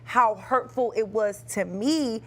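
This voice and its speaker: A young woman co-hosts a talk show in a fairly high voice. She speaks in an earnest, reflective way as she tells her story. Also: takes it slowly, fairly bright tone. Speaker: co-host.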